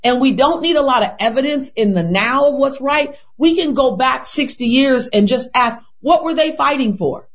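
A woman's voice: high-pitched, lively intonation, normal speed, few pauses. A woman gives an impassioned interview answer in an earnest voice. She asks rhetorical questions and repeats and restarts words as she builds her point. The recording sounds dull and lo-fi. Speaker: interview guest.

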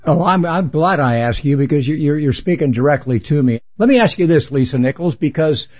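A man hosting an interview, asking questions in a friendly, halting way with restarts. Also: fairly high pitch, animated, a little mellow. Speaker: interview host. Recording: dull lo-fi recording.

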